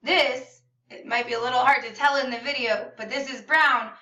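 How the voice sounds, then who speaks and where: A woman teaching a video language lesson for children, upbeat and enunciating slowly so students can repeat after her. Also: sits high, steady tone, pushed and bright. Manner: upbeat, slow and clearly enunciated, modeling words for repetition. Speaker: Spanish teacher. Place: classroom or room at home. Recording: echoey room, slightly far from mic.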